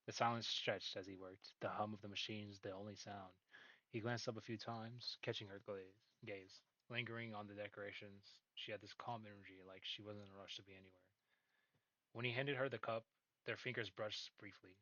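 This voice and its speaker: A man's voice: lowish voice, steady tone, a little fast, pushed and bright, no echo. A man reading a story aloud in a casual way, laughing at his own slips. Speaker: reader. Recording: dull dry recording.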